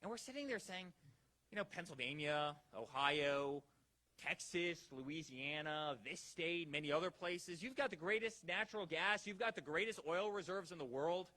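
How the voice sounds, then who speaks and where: A man's voice: fairly high pitch, lively intonation, normal speed, bright, forceful tone. A man giving a rousing campaign rally speech, firing off repeated rhetorical questions at the crowd. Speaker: political rally speaker.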